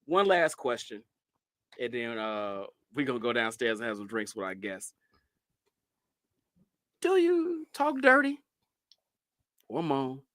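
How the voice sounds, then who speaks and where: Lively, laughing podcast host man. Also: medium pitch, slow, pauses often, no room sound. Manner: laughs often, asks long rambling questions. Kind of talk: casual podcast chat.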